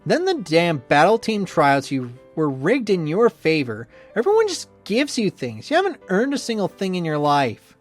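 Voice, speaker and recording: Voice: mid-range voice, wildly swooping pitch, normal speed, soft background music. A reader voicing a bitter, resentful young male rival in a visual novel playthrough. The rival sneers and swears often. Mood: sneering.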